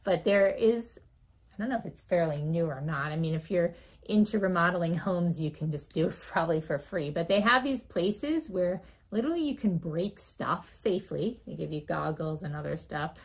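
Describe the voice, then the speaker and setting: Animated woman telling a story. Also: lowish voice, normal speed, slightly rough. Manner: lively, acts out voices in her anecdotes, laughs often. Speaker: physician guest.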